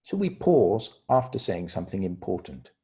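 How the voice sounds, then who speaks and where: A middle-aged man with a deep, dark, slightly rough voice runs an online training seminar on communication. He explains step by step in a sing-song manner, pausing deliberately and stressing key words.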